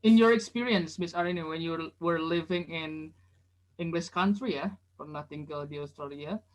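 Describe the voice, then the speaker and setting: Relaxed man co-hosting, laughs easily. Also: a little high, normal speed, low-quality recording. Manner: relaxed, short agreeing replies, laughs easily. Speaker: English teacher co-host. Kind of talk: casual bilingual chat.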